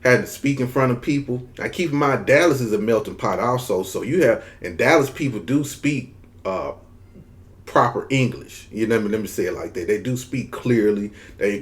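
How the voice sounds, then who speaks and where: A man's voice: fairly low pitch, lively intonation, normal speed. Southern man with a Mississippi drawl. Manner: laid-back, drags words, slangy, frequent "you know what I'm saying". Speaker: content creator. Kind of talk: casual storytelling monologue.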